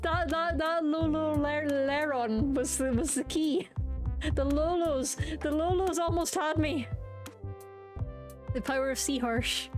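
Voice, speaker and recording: Streamer: a high-pitched woman, excitable and self-mocking, swearing often, with game music behind her. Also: slow. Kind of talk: let's play commentary.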